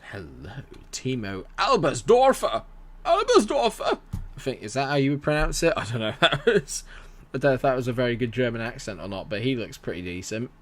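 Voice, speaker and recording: At a medium pitch and quick pace, a young man streams his management game, offering casual, rambling commentary. He stays friendly and talkative, reading chat messages out loud and responding to them.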